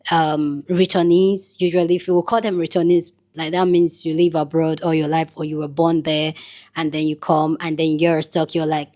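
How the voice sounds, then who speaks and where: A woman's voice: low-pitched, flat delivery, moderate pace, dark tone. A young woman with a Nigerian accent, talking casually to her viewers in a commentary vlog. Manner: chatty, addresses viewers directly. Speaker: vlogger.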